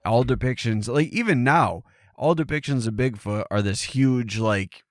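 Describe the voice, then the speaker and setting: A man's voice: medium pitch, normal speed, dry recording, clean studio sound. A man co-hosting a podcast, chatting casually and joking around, laughing often. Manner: joking, laughs often, puts on silly voices. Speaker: podcast co-host. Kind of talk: casual comedic chat.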